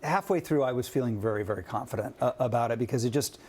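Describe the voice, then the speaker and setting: A man's voice: mid-range voice, quick pace, darkish tone, breathy edge. A man in his forties from Ohio, a guest actor on a TV interview, answering with wry, self-deprecating humor.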